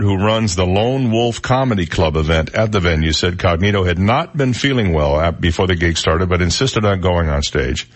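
Man, radio talk host, low voice, casual joking chat, studio mic. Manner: joking, chuckles at own jokes. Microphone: studio microphone.

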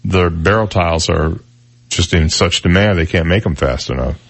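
A man's voice: deep voice, moderate pace, dry recording. A man hosting a casual morning radio talk show, chatting easily and trading jokes with his co-hosts. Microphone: studio microphone.

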